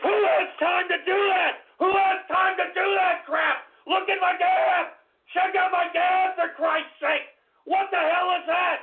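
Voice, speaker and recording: A man's voice: sits high, lively intonation, moderate pace, vocal fry, faint music behind, full character voice. A man playing a hot-tempered old radio host and war veteran, who launches into explosive, cursing tirades at his listeners. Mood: outraged. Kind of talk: comedic radio character rant. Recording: tinny phone-like call-in radio line.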